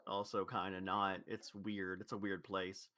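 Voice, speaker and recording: Man, neutral American accent, lowish voice, rambling self-correcting podcast chatter. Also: flat delivery, a little slow, pushed and bright, dry recording. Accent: neutral General American. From Louisville, Kentucky. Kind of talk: casual chat.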